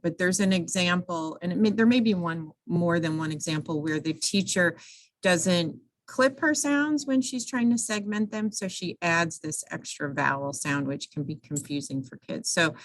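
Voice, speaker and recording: A woman's voice: low-pitched, a bit bright, dry recording, poor audio. Dry-voiced woman recapping a teacher training. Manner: conversational, with frequent restarts and fillers. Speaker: instructional coach presenting to teachers. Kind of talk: recorded slide-show recap for teachers.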